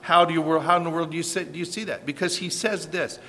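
Animated preacher man in a reverberant hall. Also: a little high, quick pace. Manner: animated, emphatic preaching with rhetorical questions. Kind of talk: sermon.

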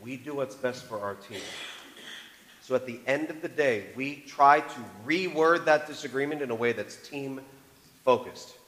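A man preaching a sermon on marriage, animated, moving between loud emphasis and hushed tones. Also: mid-range voice. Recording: long reverb of a large hall.

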